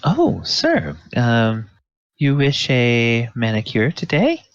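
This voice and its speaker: A man's voice: mid-range voice, huge pitch swings, slow pace, dry recording, highs cut off, voice pushed up, exaggerated voice. A man voicing a gushing, genteel female elf manicurist with a sweet, fawning manner. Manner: sweet, fawning, breathy titter.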